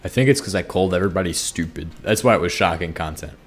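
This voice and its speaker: A man's voice: low voice, quick pace, breathy edge, faint music behind. A sleep-deprived man rambling goofily and mocking himself while commenting on a game. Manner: goofy, rambling, self-mocking. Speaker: Minecraft gaming YouTuber. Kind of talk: rambling casual commentary over gameplay.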